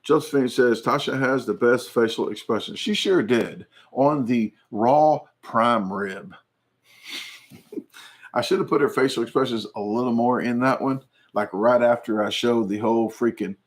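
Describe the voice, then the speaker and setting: In a relaxed livestream chat on his own channel, a man meanders through viewers' comments with plenty of jokes and frequent laughter. He speaks at a medium pitch and a measured pace.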